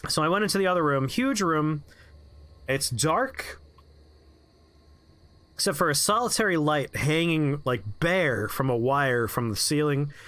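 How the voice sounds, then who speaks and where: A male streamer chatting through a game session, telling a story with plenty of swearing. His voice is bright and on the higher side, swinging lively up and down. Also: unhurried, pauses often. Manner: animated, profane, chatty.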